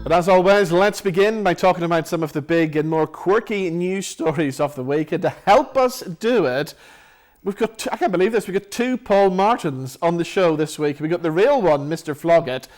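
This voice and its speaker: A man's voice: fairly high pitch, normal speed, darkish tone. Upbeat man hosting. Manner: upbeat, scripted intro then easy banter. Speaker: chat show host. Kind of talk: TV chat show hosting.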